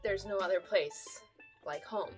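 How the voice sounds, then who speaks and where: A woman's voice: mid-range voice, measured pace, over music. A woman from Canada telling stories in a casual, chatty vlog, laughing often and swearing casually. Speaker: vlogger.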